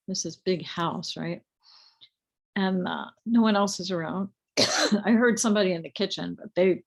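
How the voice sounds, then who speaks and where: A middle-aged woman slowly telling a personal spiritual story, halting, with many fillers and restarts. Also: fairly low pitch, creaky. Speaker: group leader telling her spiritual story.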